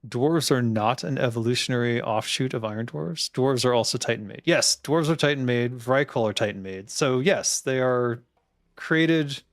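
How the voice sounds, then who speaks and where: A man chatting casually as he plays through a game, laughing often and poking fun at himself. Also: medium pitch. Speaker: game designer streamer. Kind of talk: casual gameplay commentary.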